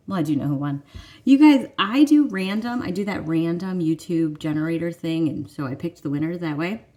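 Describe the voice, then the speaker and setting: A woman's voice: medium pitch, warm tone. A woman in her thirties from the Detroit suburbs, hosting a cross-stitch vlog in casual, enthusiastic chat that often breaks into laughs. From Detroit suburbs, USA. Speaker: vlogger, cross-stitch channel host.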